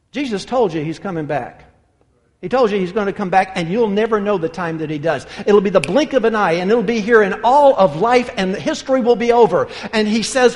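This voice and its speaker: A male pastor preaching a sermon, emphatic and conversational, dropping to hushed near-whispers for emphasis. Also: high voice, animated, fairly quick. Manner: anecdotal, conversational asides. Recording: long hall reverb.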